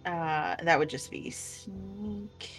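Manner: halting, unhurried. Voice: bright woman. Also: fairly low pitch, soft background music. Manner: hesitant, halting. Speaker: player. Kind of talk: casual tabletop game chat.

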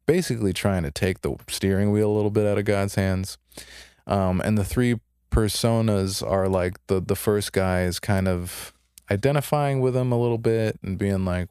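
A man's voice: lowish voice, normal speed, darkish tone, smooth, dry recording, clean studio sound. A young man co-hosting a podcast, casually retelling a story and acting out the characters' lines in a laid-back way. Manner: laid-back, retells stories with put-on voices. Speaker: podcast co-host.

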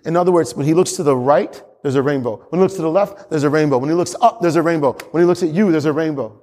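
A man's voice: a little high, fast, dark tone. A male pastor preaching a sermon with emphatic repetition and frequent chuckles. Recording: long hall reverb.

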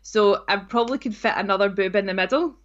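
A woman's voice: medium pitch, fast, a bit bright. Scottish woman chatting on a podcast, giggly and playful, kinda muffled lo-fi audio. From Scotland. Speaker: podcast co-host. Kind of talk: casual chat.

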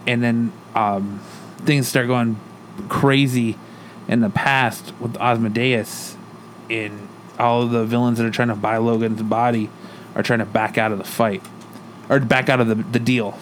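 A man's voice: mid-range voice, fairly even intonation, unhurried. Man, podcast co-host, casual comic recap, slight background hiss. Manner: retells the plot, reading character lines in his own voice.

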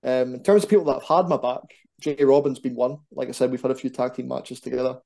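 Mellow-voiced man chatting animatedly. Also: medium pitch, quick pace, creaky. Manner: animated, self-deprecating, rambling. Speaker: podcast guest, wrestler. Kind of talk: casual chat.

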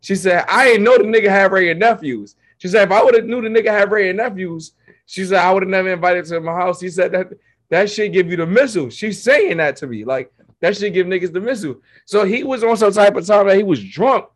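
Guy chatting on a podcast, slangy, acts out everybody in his story, voice a bit high. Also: a little fast. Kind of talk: casual chat, storytelling.

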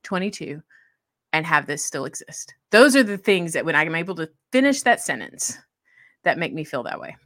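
A woman's voice: sits low, big pitch swings, brisk, fairly bright tone, no echo, studio quality. A woman co-hosting a casual faith podcast, talking earnestly and bursting into laughter. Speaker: co-host.

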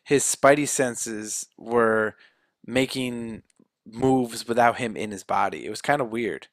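A man recaps a film in a relaxed, casual chat. He tells it loosely with fillers. The sound is dry and close, with no room echo. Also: medium pitch, slow. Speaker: movie recap co-host.

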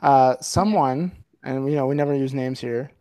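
A man's voice: medium pitch, moderate pace, dark tone, clear, resonant tone. A man co-hosting a podcast, ranting in a heated, swear-filled casual talk on a filmed set. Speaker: podcast co-host.

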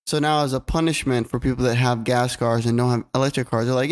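A man's voice: mid-range voice, fairly even intonation, brisk. A man co-hosting a casual podcast, laid-back and loose, with lots of fillers and free swearing. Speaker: podcast co-host. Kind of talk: casual chat. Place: California home recording.

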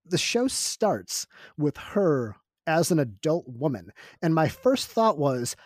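A man's voice: a little high, big pitch swings, slow, hardly any pauses, no echo, studio quality. A man co-hosting a podcast in casual chat, wry and joking. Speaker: podcast co-host.

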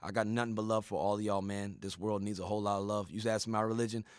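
A man's voice: lowish voice, level tone, fast talker, dry recording, clean studio sound. A man hosting a podcast, talking bluntly and profanely in a preachy pep-talk manner. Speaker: podcast host. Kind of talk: casual podcast chat.

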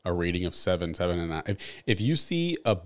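A male podcast co-host with a very low, deep voice. He talks in an easygoing, slangy way and sometimes gropes for the right word in relaxed conversation. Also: quick pace. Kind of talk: casual podcast chat.

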